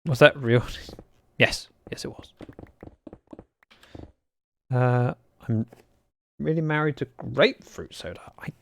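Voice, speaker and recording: A man's voice: medium pitch, takes it slowly, vocal fry, long pauses, fairly bright tone, slight background noise. A young man streaming a block-building game, chatting and joking with his viewers as he plays. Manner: chatty, joking, reads out chat messages. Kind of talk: casual livestream chat while playing.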